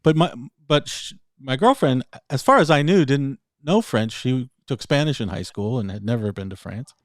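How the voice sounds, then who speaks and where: A man's voice: mid-range voice, lively intonation, normal speed, no echo, clean studio sound. A man in casual chat, telling a story in a rambling way, often laughing and slipping into other voices. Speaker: podcast co-host.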